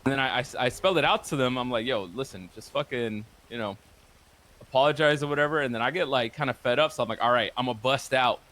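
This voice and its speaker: Speaking fast in a medium-pitched, fairly bright voice, this roleplay streamer casually retells what went down in a roleplay game. It's profane, rambling, and packed with fillers.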